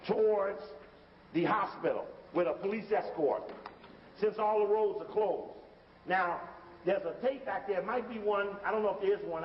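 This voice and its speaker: A man lecturing with commentary over video footage, emphatic and conversational, often repeating himself. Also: sits high. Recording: dull recording from a hall with faint hiss.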